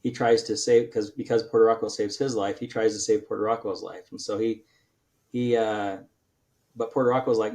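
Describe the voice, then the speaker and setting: A man's voice: lowish voice, fairly even intonation, normal speed, a little mellow. A male author on a podcast, retelling his book's plot in a rambling way with many restarts and fillers. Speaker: author guest. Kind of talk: casual podcast interview.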